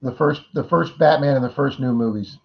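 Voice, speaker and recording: A man's voice: mid-range voice, a little fast, gravelly. Chatty middle-aged man hosting a stream. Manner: chatty, greets and answers viewers by name; jokey, rambling asides. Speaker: livestream host. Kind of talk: casual livestream chat. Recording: dull lo-fi stream audio.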